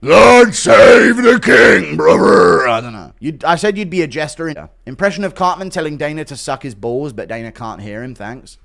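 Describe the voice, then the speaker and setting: Male streamer, casual chat, crude jokes, swears freely, lively rising and falling voice. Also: on the high side, quick pace, hardly any pauses.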